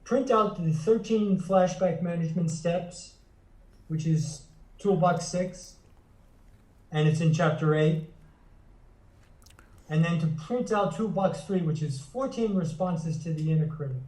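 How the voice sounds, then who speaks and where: Therapist guy talking in an interview, pretty high voice, kinda far from the mic. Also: measured pace, pauses often, darkish tone. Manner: earnest, teaching tone with frequent restarts. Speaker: psychotherapist and author. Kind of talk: explanatory interview talk. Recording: echoey room, voice away from the mic.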